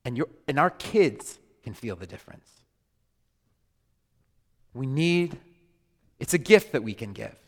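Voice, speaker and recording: A man preaching a sermon as a pastor, animated and joking with his congregation. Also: mid-range voice, measured pace, pauses often. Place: large church hall. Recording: hall reverb.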